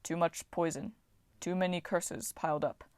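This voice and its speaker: A woman reading aloud, voicing a huge, gentle male Titan who talks in slow, simple, halting words. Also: steady tone, dry recording, studio quality, natural voice. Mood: sorrowful. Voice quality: deep, soft, halting simple speech.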